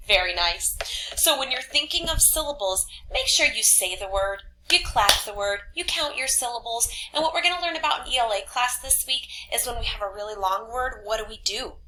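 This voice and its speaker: A woman teacher records a lesson for third graders from home. Her voice is bright and a little high, upbeat and slow enough for kids to follow. A faint hiss sits under the recording. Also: animated, poor audio. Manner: upbeat, speaks slowly and clearly to children. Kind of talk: online class lesson video.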